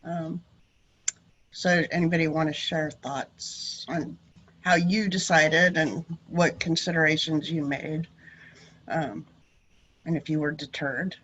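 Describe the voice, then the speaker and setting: A woman moderating a video-call panel, speaking slowly and starting her sentences with hesitant pauses. Her voice sits a little high. The audio is dull and lo-fi, with a faint hiss behind it. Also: steady tone, a bit bright. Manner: hesitant, many ums. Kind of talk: webinar moderation.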